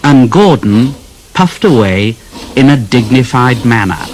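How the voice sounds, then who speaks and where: Man, storybook reader, slow deliberate pace, lively pitch, expressive, faint music behind. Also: a little hiss or hum. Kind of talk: storybook reading aloud.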